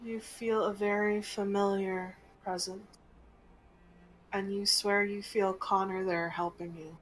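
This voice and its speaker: A woman game master narrating a tabletop game in a slow, gentle storytelling manner. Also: mid-range voice, level tone, a little hiss or hum, rough recording.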